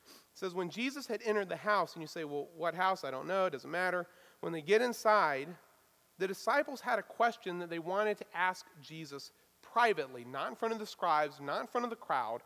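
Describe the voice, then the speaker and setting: A man preaching a sermon as a pastor, talking in a casual, lively way with touches of self-deprecating humor. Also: sits high, fairly quick, in a large hall.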